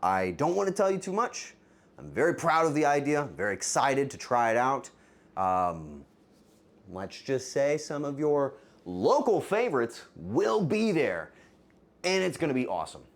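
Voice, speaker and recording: A man's voice: medium pitch, big pitch swings, moderate pace. A man hosting a live cooking stream, chatting with viewers in a playful, teasing way. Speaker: streamer, cooking show host.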